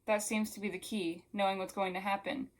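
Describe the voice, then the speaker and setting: A woman reading a gentle, wistful alien woman. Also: medium pitch, flat delivery, brisk, natural voice. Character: gentle alien woman living in a human body.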